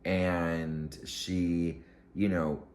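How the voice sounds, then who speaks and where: Emotional, gushing man with a low voice. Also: little pitch movement, drawn-out words, darkish tone. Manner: gushing, emotional, rambling with many fillers. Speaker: vlogger. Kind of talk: casual storytelling to camera.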